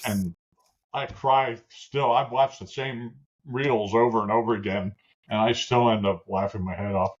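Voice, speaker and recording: Older man, podcast guest, monotone, low voice, muffled lo-fi sound. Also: measured pace. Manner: flat, plain, with many "uh" fillers. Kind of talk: casual interview talk. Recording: dull lo-fi audio.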